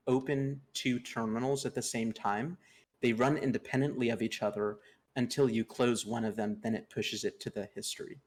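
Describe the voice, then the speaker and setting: A man giving patient, step-by-step instructions in a casual livestream tutorial. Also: mid-range voice. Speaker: guest teaching neovim.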